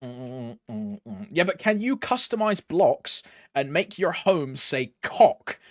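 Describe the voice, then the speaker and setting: A man's voice: on the high side, very animated, takes it slowly, dry recording, studio quality. A young man streaming a game, chatting casually in a rambling way, laughing often and calling his viewers bro. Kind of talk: casual chat while gaming.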